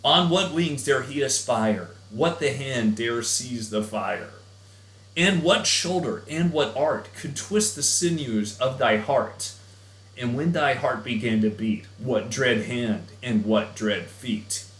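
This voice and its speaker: Guy reading a poem slow and heartfelt, echoey room. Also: medium pitch, a bit bright. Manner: slow and emotional recitation. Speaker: teacher. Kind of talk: dramatic poetry reading.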